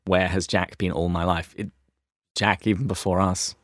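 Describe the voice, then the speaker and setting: A man's voice: low voice, little pitch movement, normal speed, dry recording. An Australian man co-hosting a podcast, chatting playfully and chuckling often as he talks from a closet recording studio. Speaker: podcast co-host. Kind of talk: casual chat.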